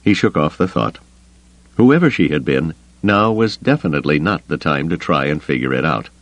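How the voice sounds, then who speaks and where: A man reads adventure fiction in a deep voice. His delivery is expressive and builds suspense with animated inflection. The booth sound is dry and close. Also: moderate pace, no room sound, rough recording. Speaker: audiobook narrator. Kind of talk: scripted narration.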